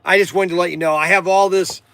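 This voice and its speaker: A man's voice: high-pitched, steady tone, quick pace, pushed and bright, smooth, no room sound. A middle-aged man, hosting a casual livestream and rambling through a story with restarts and fillers. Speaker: livestream host and shop owner.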